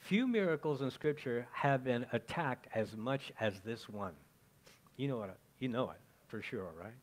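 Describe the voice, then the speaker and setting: A man's voice: mid-range voice, lively intonation, moderate pace. A male pastor delivering a sermon in an easy, conversational way. He keeps checking in with his listeners and asks them questions as he goes. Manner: chatty, asks the congregation questions, frequent "okay?".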